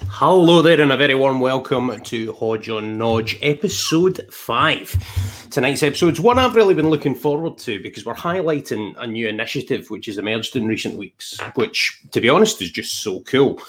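Lively Scottish man hosting a podcast. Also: medium pitch. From Scotland. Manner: lively, jokey, quick asides. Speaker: podcast host. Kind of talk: casual chat.

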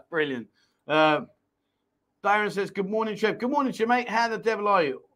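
A man with a notably high-pitched voice hosts a live chat stream, reading viewer comments aloud. He teases his co-host, cracks jokes and laughs easily. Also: animated, fairly bright tone. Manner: jokey, teasing, quick laughs. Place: Pattaya, Thailand.

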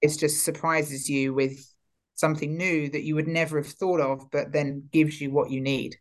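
A woman's voice: sits low, level tone, moderate pace. A woman energy healer and coach, a podcast guest, talking reflectively and often circling back as she searches for the right words. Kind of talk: casual podcast conversation.

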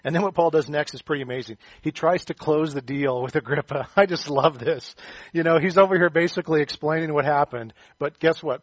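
A man's voice: medium pitch, dry recording, muffled recording. A man preaching a sermon in a loose, conversational way, joking and acting out the voices of the people he quotes. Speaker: pastor.

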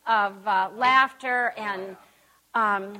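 A woman's voice: medium pitch, extremely slow, pushed and bright. A woman giving a conversational sermon at a church service, emphatic and folksy, with chatty personal asides. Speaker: preacher.

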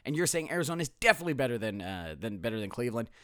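Fast, lively male podcast host, sarcastic, bright voice, dry close mic. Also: mid-range voice, no echo. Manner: sarcastic, self-mocking, animated. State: strained voice. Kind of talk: casual solo podcast.

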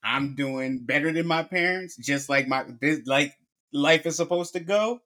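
A man's voice: fairly high pitch, unhurried, bright, forceful tone. A middle-aged man co-hosting a podcast, giving earnest, opinionated views in casual conversation. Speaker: podcast co-host. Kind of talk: casual chat.

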